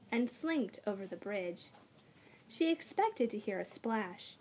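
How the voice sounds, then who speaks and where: Woman reading a kids fantasy audiobook, expressive, slightly high voice. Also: slight background noise. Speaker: narrator. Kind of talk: audiobook narration.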